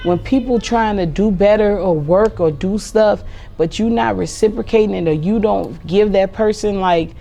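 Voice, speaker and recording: A woman in her forties hosting a podcast, talking casually about raising kids with a sarcastic, animated way of telling stories. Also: medium pitch, normal speed, creaky. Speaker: podcast host.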